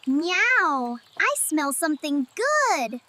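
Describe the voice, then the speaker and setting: A woman's voice: sits high, sing-song, very slow, bright, forceful tone, heavily acted. A woman voicing a cheerful little cartoon cat cook who talks in short, simple phrases and meows often. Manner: sing-song, simple short phrases, meows between lines. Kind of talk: cartoon character narration. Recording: music playing underneath. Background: cartoon music.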